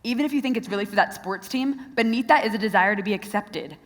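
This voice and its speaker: A young woman speaks earnestly to a crowd of young people, turning to them with direct questions. Her voice sits at an ordinary middle pitch for a woman. The sound carries the long reverb of a large hall. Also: fast talker. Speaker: Christian speaker. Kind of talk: youth talk to a live audience.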